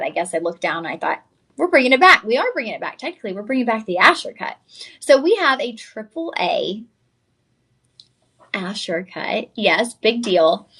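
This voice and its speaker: A tired woman hosting a live TV shopping presentation, chatty and effusive, talking straight to viewers. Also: mid-range voice. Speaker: shopping channel host.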